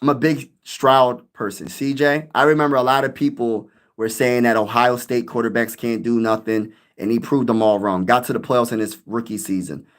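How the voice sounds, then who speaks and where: A man's voice: medium pitch, little pitch movement, moderate pace, hardly any pauses. A young man hosting a sports live stream, chatting casually with his viewers, rambling and hyped, using lots of slang. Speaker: sports YouTuber live-streaming, answering chat.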